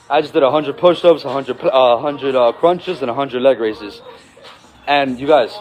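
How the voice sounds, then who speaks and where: A man in a casual motivational vlog, sweaty after a workout outdoors, talking in an energetic way and swearing freely. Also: medium pitch, moderate pace, poor audio.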